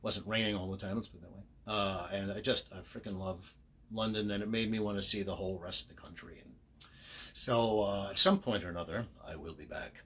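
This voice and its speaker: Deep-voiced and brisk, with a steady, bright, forceful tone, the man is a voice actor signing autographs during a livestream. He chats casually, narrates each step, and makes jokes at his own expense in a self-deprecating way.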